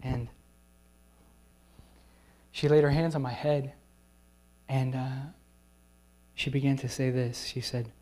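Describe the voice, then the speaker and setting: A man preaching as a guest speaker at a retreat, telling a personal testimony and slowing down for soft, emphatic phrases. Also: medium pitch, fairly even intonation. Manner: acts out quoted people in whispers and raised voices. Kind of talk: sermon storytelling at a retreat.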